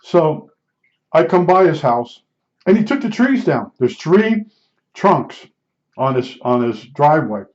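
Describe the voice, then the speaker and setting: Man, fairly high pitch, chatty rambling storyteller, restarts a lot, muffled lo-fi audio. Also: very animated, slow, darkish tone. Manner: rambling, with frequent restarts and fillers. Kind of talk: casual anecdotal storytelling. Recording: dull lo-fi recording.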